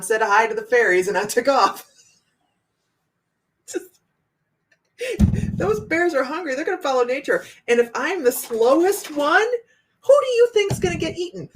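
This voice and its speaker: A woman from Ohio, a psychic host telling viewers a story in a casual way, animated and laughing often. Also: high-pitched, noisy background.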